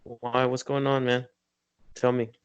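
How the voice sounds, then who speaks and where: Slow, commanding male hypnotist. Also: medium pitch, little pitch movement, smooth, dry recording, muffled recording. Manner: directive, counting slowly and repeating commands. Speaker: hypnotist and energy healer. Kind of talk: guided hypnosis session.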